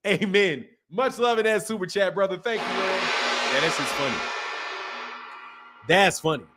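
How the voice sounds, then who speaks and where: Male boxing streamer, high voice, sarcastic and heated, unscripted rant. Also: moderate pace, long pauses, a little hiss or hum. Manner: sarcastic, heated, swings from mock pleading to loud outbursts. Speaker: boxing channel host. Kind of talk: live-stream commentary and rant.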